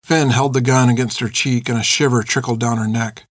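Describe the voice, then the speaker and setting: A man giving measured, expressive scripted narration of a storybook. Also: medium pitch, dry recording, studio quality. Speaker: audiobook narrator.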